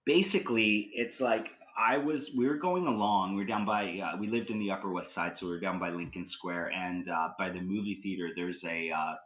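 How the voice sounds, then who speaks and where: A man's voice: low-pitched, moderate pace, hardly any pauses, fairly bright tone, poor audio. A man from Canada, a guest on a podcast, telling a story casually and rambling with lots of fillers. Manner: rambling, with many "like" and "you know" fillers.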